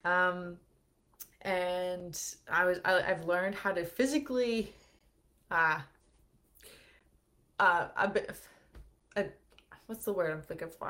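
A woman's voice: lowish voice, measured pace, pauses often, fairly bright tone. A young woman chatting casually on a livestream as the host, talking freely with many fillers and acting out her own anxious thoughts.

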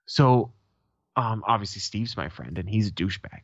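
A man's voice: on the low side, expressive, normal speed, dry recording, lo-fi sound. Profane storytelling podcast host man. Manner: profane, storytelling, acts out quotes. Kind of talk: casual podcast chat.

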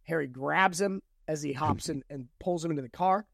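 A man co-hosting a podcast, casually recapping a novel's plot and reading quoted lines aloud with lively emphasis. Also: fairly high pitch, normal speed, gravelly, dry recording, studio quality. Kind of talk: casual book-recap chat.

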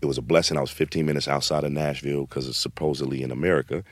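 A middle-aged man casually telling a story, animated and slangy, acting out quotes. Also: rumbling low, very fast, dry recording.

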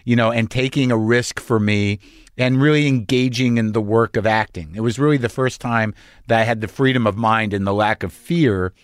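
A man in casual conversation, rambling and self-deprecating, with the odd curse thrown in. His voice sits at an ordinary middle pitch. The sound is close and dry, with no room around it. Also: steady tone, moderate pace, clear, resonant tone, no echo. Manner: loose, profane, self-deprecating. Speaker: podcast host and actor.

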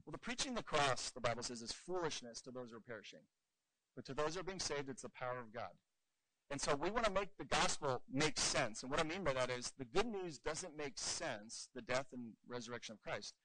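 A man teaching evangelism in an earnest, animated way, telling stories and acting out the dialogue. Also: medium pitch, a little fast, background noise. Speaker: evangelism trainer.

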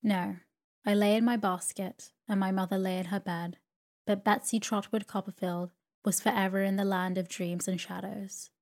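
A woman narrating a classic novel as a sleep story, in a slow, even and soothing manner. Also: medium pitch. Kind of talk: calm sleep story reading.

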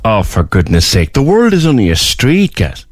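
A man interviews a guest on the radio, asking lively, interested questions. His voice sits low but swings widely in pitch, and the sound is dry and close. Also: normal speed, no room sound. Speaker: radio host.

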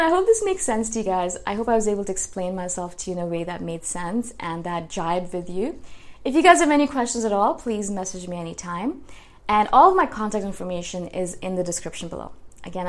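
A woman in her thirties hosting a podcast, chatting casually and animatedly, acting out remembered voices and laughing often. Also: mid-range voice. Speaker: podcast host. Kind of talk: casual personal monologue.

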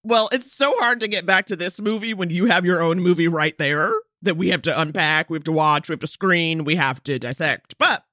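Bright, emphatic woman podcast co-host. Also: fairly low pitch, fairly quick, few pauses, dry recording, clean studio sound. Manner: emphatic and opinionated, mock-quoting characters. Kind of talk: casual chat reviewing a TV movie.

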